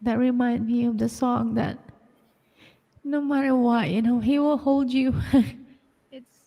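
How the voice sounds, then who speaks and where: Tearful high-voiced woman, laughing softly. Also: fairly even intonation, a little slow, creaky, long reverb tail. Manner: emotional, laughs through her words. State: tearful, close to crying. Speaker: singer and live-stream co-host. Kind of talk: casual live-stream chat.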